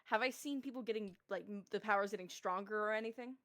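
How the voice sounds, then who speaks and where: A woman playing a tabletop game, animated, asking quick questions and planning aloud. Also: mid-range voice, no room sound, clean studio sound. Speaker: player. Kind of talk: casual tabletop role-play.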